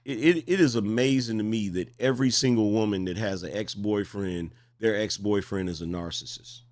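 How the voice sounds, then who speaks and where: A man's voice: fairly low pitch, normal speed, a little mellow. A man in his forties hosting reaction commentary, mocking and incredulous, pressing the same question again and again. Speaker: commentary host.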